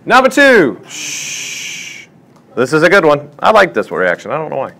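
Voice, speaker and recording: In a classroom lesson, a man tutors a chemistry class, questioning students as he works through problems. His voice sits on the high side with some vocal fry, and he talks fast in a lively, inquiring teacher's manner.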